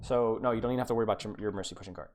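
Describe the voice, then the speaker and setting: A man's voice: on the low side, rapid-fire, a little mellow, slight background noise. A man coaching a player through a replay on a live stream, blunt and exasperated, repeating his urging.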